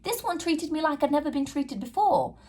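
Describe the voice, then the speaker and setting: Her voice is high-pitched, a little mellow, and lively in intonation, and she speaks fairly quickly. On her podcast, she shares a personal story with frank earnestness, addresses listeners directly, and reenacts conversations she once had.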